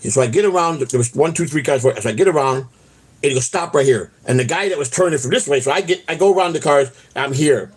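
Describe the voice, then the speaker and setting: Here the host has a fairly high, slightly rough voice and talks at a quick pace. He's a man rambling through profane anecdotes on his own vlog while walking outside, tagging sentences with "man."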